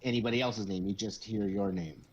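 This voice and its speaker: A man narrating as game master of a tabletop game, casual and halting. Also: lowish voice, fairly even intonation, dull audio, slight background noise.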